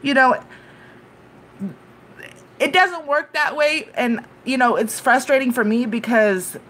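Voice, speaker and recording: A young woman giving unscripted live commentary on a YouTube dispute, upset and halting, with many restarts and "you know" fillers. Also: a little high, fairly bright tone.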